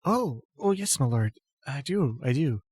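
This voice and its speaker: A man's voice: medium pitch, sing-song, measured pace, darkish tone, husky, no room sound. A man voicing a flustered, devoted young woman who stammers and repeats herself. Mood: flustered, eager.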